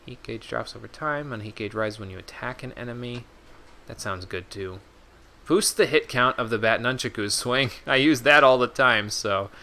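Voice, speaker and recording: A man with a bright, forceful voice commentates his video game stream in a loose, chatty way. He reads on-screen menu text aloud and tosses asides to the people watching. A faint hiss sits under the recording. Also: mid-range voice, normal speed. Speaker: gaming streamer. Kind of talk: casual let's-play commentary.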